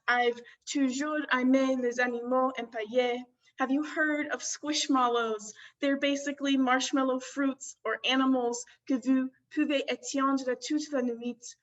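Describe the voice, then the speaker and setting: A woman's voice: sits high, steady tone, unhurried, a bit bright. A woman in her twenties, a graduating student poet, giving a playful, wordplay-filled poetry reading. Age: 20s. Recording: distant, dull lo-fi recording.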